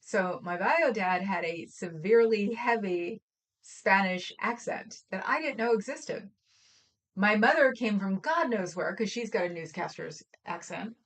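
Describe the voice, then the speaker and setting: A woman's voice: medium pitch, unhurried, fairly bright tone. A woman from Oakland, California, co-hosting a livestream in casual, rambling chat full of stories and fillers. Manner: rambling, storytelling, trails off with fillers. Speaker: livestream co-host.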